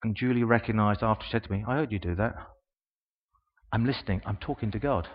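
Older man, preacher, animated storytelling, quoted voices, dull sound, long hall reverb. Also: lowish voice, quick pace. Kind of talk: sermon.

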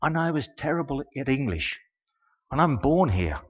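An older man preaches a sermon, telling stories and acting out the people he quotes. His voice sits at an ordinary middle pitch. The sound is a little dull and rings with the long reverb of a church hall. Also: very animated, moderate pace, slightly rough.

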